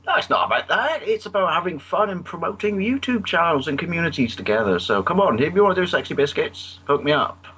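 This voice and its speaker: A man's voice: fairly high pitch, big pitch swings, fast talker, hardly any pauses, fairly bright tone, slightly rough, dull audio. A man bantering as a guest, rambling and teasing with a joking manner. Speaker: guest vlogger. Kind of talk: casual banter.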